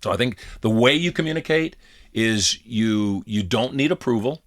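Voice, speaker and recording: A man's voice: mid-range voice, lively intonation, normal speed. A middle-aged man co-hosting a podcast, telling personal stories and acting out quoted dialogue in casual conversation. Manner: storytelling, acts out quoted dialogue. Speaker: podcast co-host.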